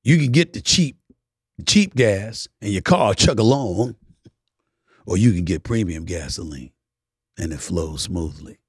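A middle-aged male host delivers a talk-show monologue in an emphatic, preaching manner. His pitch leaps and dips animatedly, and he drops from loud declarations to near-hushed asides. The sound is dry and close. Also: animated, measured pace, pauses often, husky, no echo.

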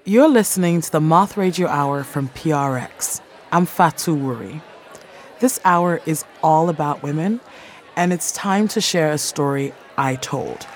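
A woman from Sierra Leone hosting a radio program, reading measured introductions. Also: low-pitched. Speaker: radio host.

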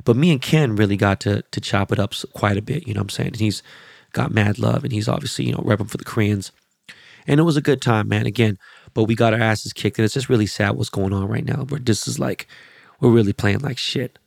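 A man's voice: lowish voice, a little fast, vocal fry, a little mellow, dry recording, studio quality. A man hosting a podcast, telling rambling, profanity-laced stories in a loose, casual monologue. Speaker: podcast host.

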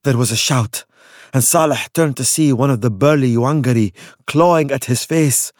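A man narrating a dark story in a measured, dramatic audiobook style. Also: mid-range voice, no echo, studio quality.

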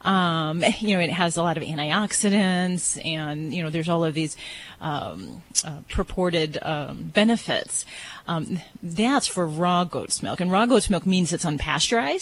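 A pet expert giving advice on a radio show, explaining at length with many fillers and sudden quick bursts. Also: medium pitch, a bit bright.

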